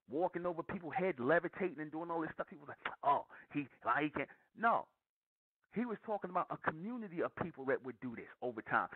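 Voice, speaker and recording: A man preaches in a fairly high voice, pressing his points and repeating lines for weight. The sound is dry and thin, like a phone line. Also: slightly rough, no room sound. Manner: emphatic, repeats lines for stress. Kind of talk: preaching monologue. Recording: dry tinny phone-like audio.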